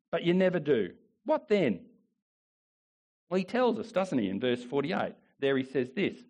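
A male pastor preaching a sermon with emphatic repetition, swinging between rising declarations and quiet asides. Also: high voice. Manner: emphatic preaching, repeats phrases, rises and drops in volume.

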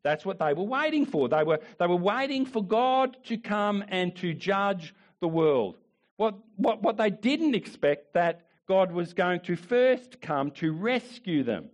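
A male pastor preaching a sermon with emphatic repetition, swinging between rising declarations and quiet asides. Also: sits high, expressive, a little slow. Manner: emphatic preaching, repeats phrases, rises and drops in volume.

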